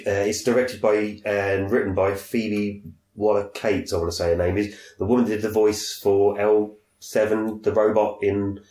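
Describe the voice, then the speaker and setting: A lowish-voiced man chats casually about TV on a podcast, slipping into high voices when he quotes. The room around him sounds echoey. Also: normal speed. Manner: animated, acts out quotes in a high voice. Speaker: podcast co-host. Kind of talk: casual chat.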